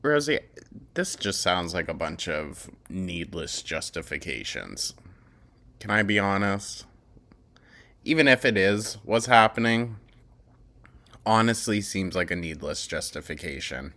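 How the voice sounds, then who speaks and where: A man's voice: low voice, big pitch swings, a little slow, pauses often, pushed and bright. A man hosting a reaction commentary, blunt and sarcastic, cutting in with exasperated remarks. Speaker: commentary host.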